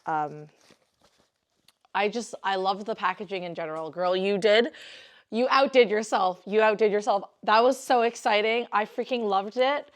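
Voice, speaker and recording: A young woman talks through a jewelry unboxing for her vlog. She chats and rambles at a middling pitch and breaks into gushing, squealing bursts of excitement. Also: moderate pace. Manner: chatty, rambling.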